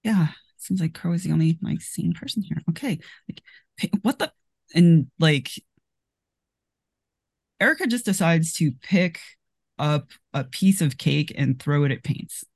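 A tabletop player with a gravelly, fry-laced voice talks in and out of character, rambling and stacking up fillers. The sound is close and dry. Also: medium pitch, expressive, measured pace, dry recording. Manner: rambling, full of "like". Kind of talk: playing a tabletop game in character.

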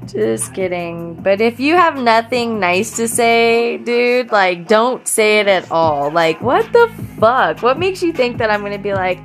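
A woman's voice: a little high, sing-song, unhurried, gravelly, few pauses, faint music behind. A young woman doing a casual comic monologue, swearing, joking and laughing often between many fillers.

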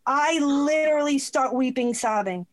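A woman with a bright, high voice tells a heartfelt personal story. She is animated and slips into the voices of the people she quotes. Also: normal speed. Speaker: guest.

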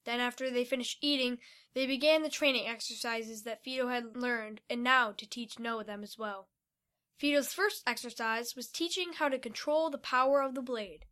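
High, bright woman reading a story. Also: moderate pace. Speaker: story reader. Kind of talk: storybook narration.

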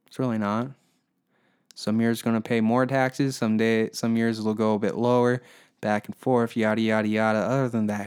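A man from Canada, hosting a comedy podcast with a crude, profane, rambling rant. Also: lowish voice. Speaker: podcast host.

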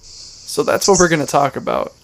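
A man's voice: a little high, normal speed, vocal fry, fairly bright tone, slight background noise. A man hosting a casual podcast, joking and teasing his friends as he talks. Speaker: podcast host. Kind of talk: casual banter.

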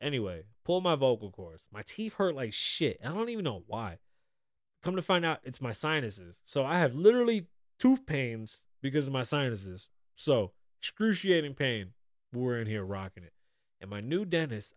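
This male podcast host rambles through stories in a loose, profane, casual way, his mid-range voice taking on a sing-song lilt at a moderate pace. There's no echo. A pulled vocal cord and a sinus infection leave him sounding strained.

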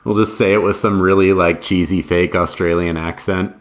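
An American man with an ordinary middle-pitched voice, chatting as a podcast co-host. He thinks aloud and often restarts, hedging as he goes. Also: steady tone, moderate pace. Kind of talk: casual sports chat.

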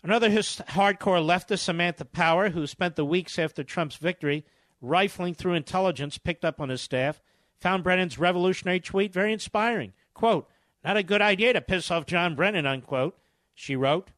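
A man's voice: high voice, normal speed, a bit bright, dry recording. A middle-aged man hosting a talk radio show, delivering scornful, combative commentary with hammering repetition.

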